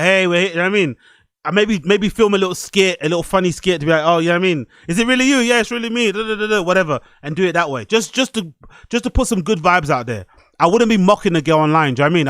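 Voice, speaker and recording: Man, high-pitched, dry close sound, casual profane commentary, rambling. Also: fairly bright tone, dry recording. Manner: loose, profane, rambling, repeats "you know what I mean". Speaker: podcast host.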